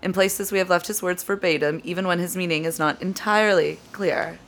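A woman's voice: fairly low pitch, fairly even intonation, a bit bright, a little hiss or hum. Woman host reading an interview aloud. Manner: measured reading, often breaking into laughter.

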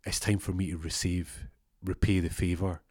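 A man voicing a frantic, grateful young gang leader, loud and pushy. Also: low voice, level tone, moderate pace, no echo, clean studio sound.

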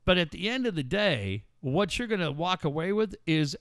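A man's voice: high-pitched, animated, normal speed, a bit bright, dry recording, clean studio sound. A middle-aged man co-hosting a radio show, telling stories in casual banter, swearing freely and laughing as he goes. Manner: storytelling, swearing a lot, laughing.

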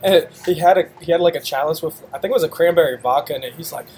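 Laid-back young man, slightly high voice. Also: quick pace, a little mellow, a little hiss or hum. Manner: laid-back, laughing storyteller. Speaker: podcast co-host. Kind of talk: casual chat.

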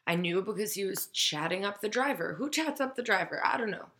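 Bright-voiced woman telling a story. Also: medium pitch, a little fast. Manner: animated, acts out quoted voices, swears. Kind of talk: casual storytelling chat.

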